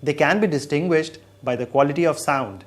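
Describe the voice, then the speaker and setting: A man's voice: fairly high pitch, a little fast. A man patiently explaining sound waves in a scripted educational dialogue. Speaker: science explainer.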